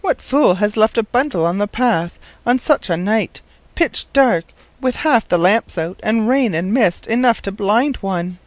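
A man's voice: high voice, lively intonation, unhurried, dry recording, pitched above the performer's own voice. A man voicing a flustered young housemaid. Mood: indignant. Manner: breathless, exclaiming.

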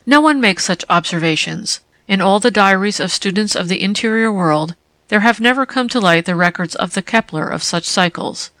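A woman reading a literary essay aloud in a calm, deliberate way. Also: medium pitch, dry recording. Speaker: reader.

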